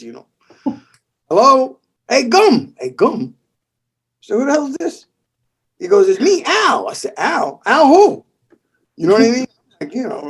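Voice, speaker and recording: Middle-aged new york guy telling stories, high lively voice, kinda husky, swears a lot. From the Bronx, New York. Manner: animated, swearing, acting out voices in his stories. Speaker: guest percussionist. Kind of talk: casual storytelling interview.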